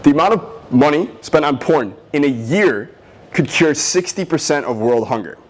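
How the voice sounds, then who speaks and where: A man's voice: a little high, lively intonation, normal speed. A man giving dating advice as a coach, talking in a brash, cocky way, swearing often and acting out teasing lines. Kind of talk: motivational dating advice talk.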